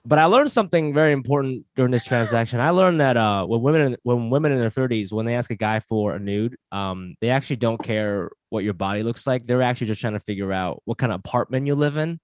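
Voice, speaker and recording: A man's voice: medium pitch, quick pace, hardly any pauses, no echo. Male comic, 30s, from New York; self-deprecating, filler-heavy delivery. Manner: chatty, rambling, self-deprecating with filler words. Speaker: stand-up comedian. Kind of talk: stand-up comedy set. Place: home, online show.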